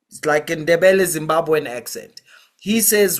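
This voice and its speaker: A man's voice: fairly high pitch, animated, unhurried. A man vlogging, retelling a street crime he witnessed in a casual storytelling way, acting out quoted voices as he goes.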